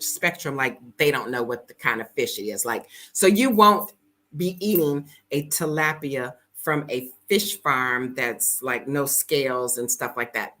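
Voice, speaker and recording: A woman chatting casually to her viewers, telling animated stories with jokes and sudden high-pitched exclamations. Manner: colloquial, joking, talks to viewers as y'all. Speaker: travel vlogger. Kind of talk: casual chat to camera.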